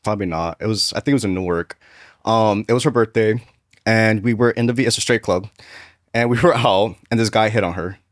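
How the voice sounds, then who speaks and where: A man hosting a podcast, telling a story in a casual, animated way and acting out the voices of the people in it. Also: lowish voice, brisk, no echo, clean studio sound. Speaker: podcast host.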